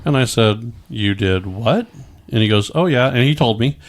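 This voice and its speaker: A man's voice: mid-range voice, animated, normal speed. A middle-aged man telling his own story in casual chat, rambling with many stammered restarts and frequent swearing.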